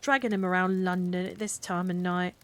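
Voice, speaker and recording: A woman's voice: lowish voice, fairly even intonation, fairly quick, fairly bright tone, lightly acted. A woman reading a story aloud, voicing a stubborn middle-aged policeman who blusters in sarcastic, ungrammatical speech. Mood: stern. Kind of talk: cozy bedtime read-aloud.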